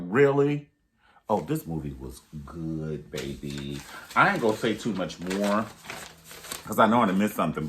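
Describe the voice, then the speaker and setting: A man in his thirties hosting a casual review vlog, telling stories with animated energy and jumping into high voices to act out quotes. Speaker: YouTube reviewer.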